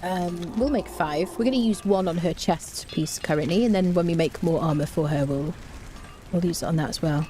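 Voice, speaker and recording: Mellow-voiced woman streaming a game. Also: fairly low pitch, normal speed, a little hiss or hum. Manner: chatty, reads out chat, hums to herself. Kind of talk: casual live-stream gameplay chat.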